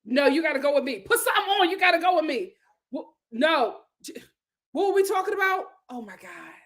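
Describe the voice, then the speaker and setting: She's a high-pitched host speaking a bit quickly in a casual reality TV recap chat, animated and exclamatory, with reaction after incredulous reaction.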